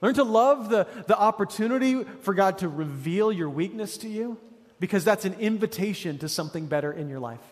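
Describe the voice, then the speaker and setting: High-voiced pastor preaching in a reverberant hall. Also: male voice, expressive, brisk. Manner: casual, conversational preaching with many restarts and fillers. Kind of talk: sermon.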